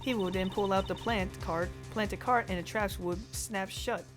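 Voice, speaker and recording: A woman's voice: medium pitch, steady tone, moderate pace, over music, natural voice. A woman voicing a brash, confident con-artist card dealer with a put-on New York accent.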